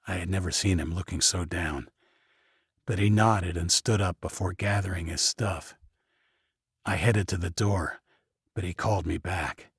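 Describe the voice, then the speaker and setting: Low, husky man for first-person audiobook narration, dry booth sound. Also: fairly even intonation, measured pace, no echo.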